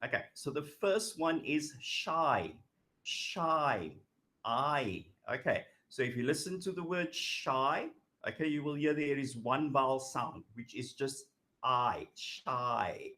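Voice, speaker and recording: A male teacher giving a recorded grammar lesson, unhurried and steady, with a voice of middling pitch. He leans on "okay" between points and says each example word several times over. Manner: patient, repeats words slowly, frequent "okay". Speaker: English teacher.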